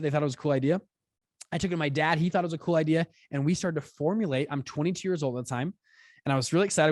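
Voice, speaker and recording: A young man in his twenties tells a story as a podcast guest, his voice on the higher side. He talks quickly and with energy, and he acts out quotes with big jumps in pitch. The sound is dry and close, with no room around it. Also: no echo. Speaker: podcast guest, fund founder. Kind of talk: storytelling in conversation.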